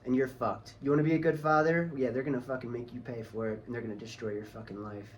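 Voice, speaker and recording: A man's voice: medium pitch, fairly even intonation, fast, slight background noise. Man ranting angrily, swearing. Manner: profane, heated, ranting. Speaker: vlogger. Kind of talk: angry casual rant.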